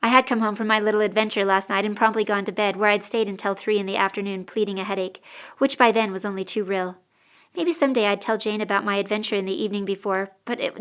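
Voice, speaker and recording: A woman's voice: medium pitch, a bit bright, smooth. Woman narrating an audiobook. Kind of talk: first-person audiobook narration.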